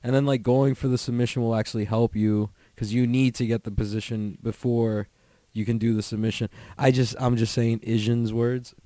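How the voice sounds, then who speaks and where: A man's voice: mid-range voice, little pitch movement, normal speed, warm tone, no room sound. A man hosting a podcast alone, chatting casually in a rambling, profane way full of "like" fillers. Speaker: podcast host. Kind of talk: casual solo podcast chat.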